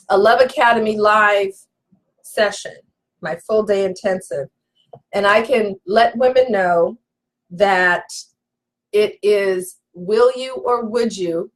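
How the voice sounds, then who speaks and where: A woman relationship coach giving an emphatic live session, talking straight to her audience. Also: medium pitch. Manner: emphatic, preacherly, addresses audience directly.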